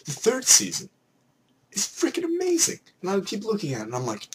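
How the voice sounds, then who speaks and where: A young man from Canada rants at a quick, excitable clip, his voice sitting a little high. He tosses in playful mock voices. A faint hiss runs under the recording. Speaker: vlogger. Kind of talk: ranting vlog.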